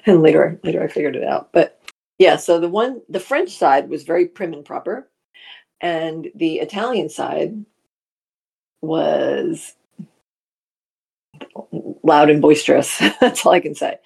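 A woman's voice: deep voice, animated, measured pace, gravelly, pauses often, warm tone, husky. A middle-aged woman hosting a casual live chat, reading viewer comments aloud and laughing often.

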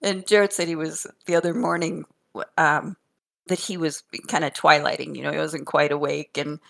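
An older woman chatting casually and telling funny stories about her grandchildren, animated and often laughing and repeating words. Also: low-pitched, normal speed, creaky. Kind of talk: casual chat.

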